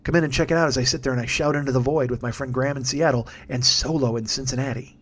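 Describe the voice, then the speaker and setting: Late at night, a tired stand-up comedian hosts his podcast, yawning and rambling through show plugs full of swearing and jokes at his own expense. His mid-range voice is fairly bright, his intonation fairly even, and he talks fast.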